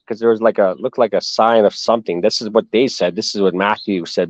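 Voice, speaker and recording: A man's voice: lowish voice, steady tone, brisk, few pauses, no echo. A man from Canada tells a long story as an interview guest. He rambles and restarts his sentences often. His voice comes through a slightly muffled video call in a dry, close space. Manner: rambling, with many restarts and asides. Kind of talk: casual storytelling.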